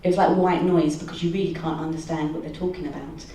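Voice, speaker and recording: A woman telling a personal story at a live event, measured with some hesitations. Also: low-pitched, steady tone, mellow. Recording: echoey hall from far off.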